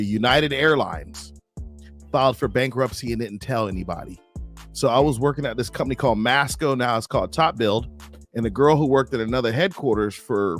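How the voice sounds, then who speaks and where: A man co-hosting a casual live-stream chat, an animated storyteller who jumps into high voices when he quotes people. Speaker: co-host. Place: home studio on a live stream.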